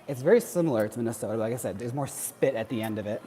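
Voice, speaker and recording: A chatty man talks casually while working out, joking and laughing along the way. His pitch sits in an ordinary middle range. A faint hiss of noise sits under the voice. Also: rapid-fire, few pauses, mellow. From Wisconsin. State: working out on cardio. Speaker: livestream host. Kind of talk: casual chat while exercising.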